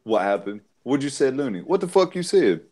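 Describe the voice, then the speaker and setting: A man's voice: medium pitch, sing-song, brisk, warm tone. A man hosting a casual live-stream chat, joking crudely, swearing and laughing often. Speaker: host.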